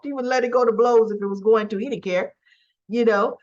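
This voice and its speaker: A woman's voice: high-pitched, normal speed. A woman casually retelling a soap episode in a chatty way with frequent asides, in a dull lo-fi recording. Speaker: soap opera recap vlogger.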